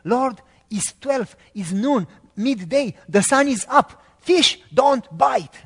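A doubting fisherman pleads and argues, his high voice rising and falling, as a preacher acts him out. He sounds exasperated and full of excuses. The words ring out in the long reverb of a church hall. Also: animated, slow pace, fairly bright tone, slightly rough, exaggerated voice. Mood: pleading.

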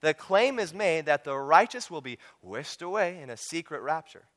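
A man's voice: on the high side, very animated, moderate pace, a bit bright. A man preaching a sermon through a Bible study guide, emphatic, repeating words and calling out to his congregation. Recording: long reverb of a large hall.

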